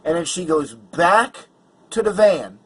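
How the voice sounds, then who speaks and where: A man's voice: sits high, very animated, slow, husky, low-quality recording. A man vlogger telling a personal story in an agitated, emphatic way, stumbling over restarts. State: angry and worked up.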